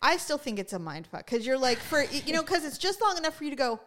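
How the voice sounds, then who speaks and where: A woman's voice: high-pitched, quick pace. A woman co-hosting a podcast in casual chat, telling stories expressively and acting out the quotes. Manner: expressive, animated storytelling with acted-out quotes. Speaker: podcast co-host.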